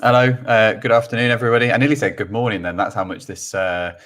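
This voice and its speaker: A man presenting for a university, talking in a relaxed way with lots of "uh" and "sort of". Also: on the low side, fast. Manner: hesitant with fillers. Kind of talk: casual presenting.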